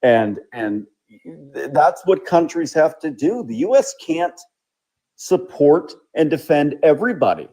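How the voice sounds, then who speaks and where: A man, the show's host, giving measured political commentary in an explanatory way. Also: fairly high pitch, big pitch swings, dark tone. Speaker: show host.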